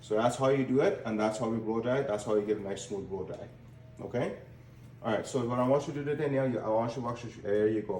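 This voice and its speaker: A man's voice: mid-range voice, a little mellow, a little hiss or hum. A male hair stylist in a salon giving a casual how-to demonstration, speaking in an instructive way and often repeating his words. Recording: echoey salon room, faint ambience.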